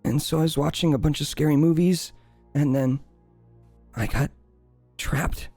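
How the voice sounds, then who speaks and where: A man's voice: on the high side, steady tone, a little slow, dark tone, no room sound, soft background music, pitched above the performer's own voice. A man playing a timid scared boy. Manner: hesitant, stammering.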